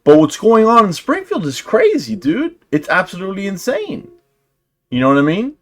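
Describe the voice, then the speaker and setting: Young male commentary host, casual, sarcastic, slangy, swinging pitch a lot. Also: moderate pace. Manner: animated, sarcastic, talks in restarts and slang like "dude" and "bro".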